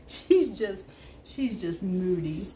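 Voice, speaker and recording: Slow, chatty woman livestreaming at home. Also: mid-range voice, dark tone, a little hiss or hum. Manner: chatty, laughs often, talks to her dogs. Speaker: livestream host. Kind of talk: casual livestream chat. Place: living room being painted, indoors.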